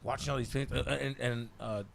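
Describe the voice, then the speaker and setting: A podcast host tells a story in casual chat, his medium-pitched voice fast and creaky over slight background noise. He's animated and profane, swearing freely and slipping into Spanish slang.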